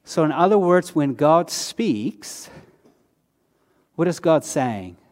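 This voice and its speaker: A male pastor with a high voice gives a sermon in plain, chatty language. He asks his listeners questions and answers them himself, sinking low and quiet on the words he stresses. The long reverb of a church hall trails after him. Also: very animated, takes it slowly. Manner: conversational preaching with rhetorical questions, dropping low on key words.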